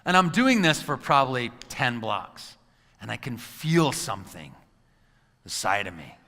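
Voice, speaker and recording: A man's voice: medium pitch, big pitch swings, a little slow, pushed and bright. A middle-aged man giving a motivational talk to a live audience, acting out scenes in his stories and quizzing the crowd. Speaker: motivational speaker and coach. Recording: long reverb of a large hall.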